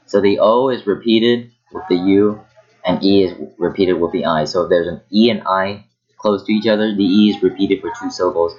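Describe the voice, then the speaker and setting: This language teacher has a low, somewhat dark male voice and talks at normal speed in a casual online lesson. He frequently pauses to repeat words while demonstrating pronunciation, and the dull lo-fi recording carries the noise of a hair dryer running behind him.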